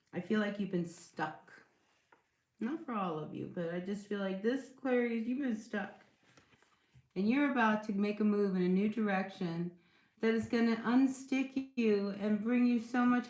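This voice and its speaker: A woman chats through a tarot reading at a middle pitch, her voice bouncing around an echoey room. She talks loosely and reassuringly, with plenty of fillers and frequent "all right?" check-ins. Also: darkish tone. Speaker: tarot reader. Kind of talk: casual tarot reading for viewers.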